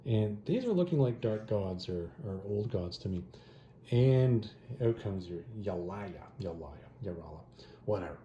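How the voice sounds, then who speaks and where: Dark-voiced man rambling in an echoey room. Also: lowish voice, expressive, measured pace, lo-fi sound. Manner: rambling, offhand, with loose paraphrase and asides. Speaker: comic review host. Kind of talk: casual story recap. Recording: echoey room with faint noise.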